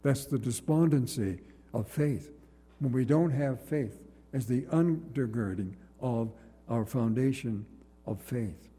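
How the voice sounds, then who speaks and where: A man delivers a sermon in a measured, earnest cadence, leaning on repeated phrases. His voice is very dark and somewhat husky. It rings with a long reverb, as in a large church hall. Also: medium pitch. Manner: earnest, measured preaching with repetition. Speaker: preacher.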